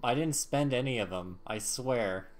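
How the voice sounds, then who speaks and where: A man's voice: medium pitch, animated, unhurried. A man in casual gaming banter with a friend, joking and defensive, laughing often. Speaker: gamer co-streaming.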